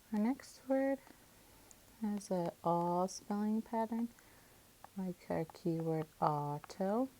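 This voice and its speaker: A woman teacher calmly walking through syllable division, sounding out each part of a word. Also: lowish voice, rough recording. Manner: calm, methodical, sounds out syllables. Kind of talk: phonics lesson, syllable division.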